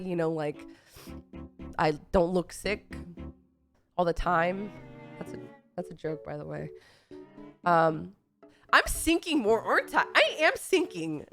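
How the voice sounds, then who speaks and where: A streamer from Texas, young and fighting a cold, speaks in a mid-range, slightly bright voice. Her livestream chat is casual, built around a meandering story peppered with exasperated asides.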